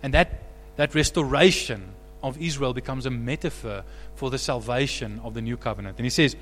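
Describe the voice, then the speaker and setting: A man preaching a sermon as pastor, animated, rising to loud emphatic peaks. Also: medium pitch, a little fast, in a large hall, a little hiss or hum.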